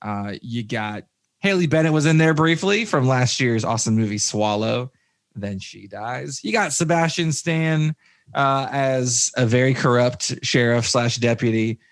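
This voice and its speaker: A man's voice: mid-range voice, expressive, measured pace. A man co-hosting a casual movie review podcast, rambling with many fillers and restarts, with jokey asides. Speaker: podcast co-host.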